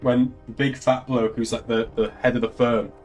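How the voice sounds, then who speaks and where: A man's voice: mid-range voice, flat delivery, normal speed, faint music behind. An English man, a young adult, chatting casually on a live stream, laughing often and swearing freely. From England. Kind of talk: casual chat.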